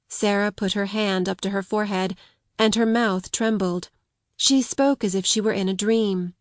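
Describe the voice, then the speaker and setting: A woman narrating an audiobook of a classic novel in a measured, clear storytelling manner. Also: medium pitch, steady tone, no room sound, studio quality. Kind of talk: scripted narration.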